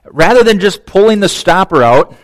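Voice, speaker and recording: A man preaching a conversational sermon, swinging from emphatic to hushed. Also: sits high, lively intonation, normal speed, no room sound, long reverb tail. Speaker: pastor.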